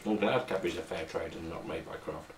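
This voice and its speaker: A young man bantering with a friend behind the scenes of a homemade video, deadpan and rambling, with mock-pompous asides. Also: low voice, fast talker. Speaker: video maker. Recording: distant mic with faint background noise.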